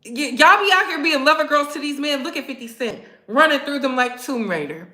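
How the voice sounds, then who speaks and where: A woman host giving blunt, sassy, profane commentary, telling stories with animated asides. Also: high voice, fairly quick, roomy sound. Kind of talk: casual commentary vlog.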